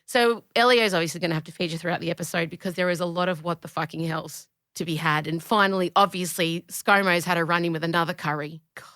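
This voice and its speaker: An Australian woman hosting a podcast, chatting in an animated, opinionated way, swearing freely and jumping between tangents. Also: fairly low pitch, fast talker, hardly any pauses, dry recording, clean studio sound. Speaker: podcast host; comedian. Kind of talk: casual podcast chat.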